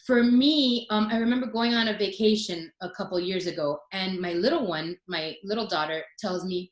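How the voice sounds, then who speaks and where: A woman's voice: mid-range voice, moderate pace, few pauses, echoey room, low-quality recording. A woman in her forties, a guest telling personal stories in casual chat and acting out quotes. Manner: animated storytelling, acts out quotes.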